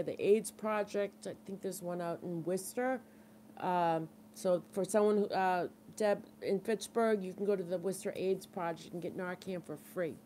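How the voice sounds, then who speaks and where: A woman's voice: on the low side, a little mellow. Brief: middle-aged woman, Boston accent, chatty livestream host, earnest and reassuring, a faint hiss behind her. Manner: chatty, reads out and answers viewer comments. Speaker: livestream support group host. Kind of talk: casual live-stream chat.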